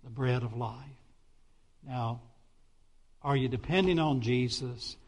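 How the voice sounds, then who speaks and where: A middle-aged man, a Baptist pastor, preaching a sermon in an animated way, with sudden excited outbursts and many stumbling restarts. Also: mid-range voice, takes it slowly.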